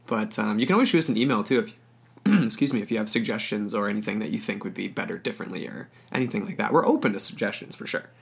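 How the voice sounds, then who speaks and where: A man's voice: fairly low pitch, animated, fast, creaky, slightly rough. A man co-hosting a podcast in casual chat, easygoing and agreeable. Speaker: podcast co-host.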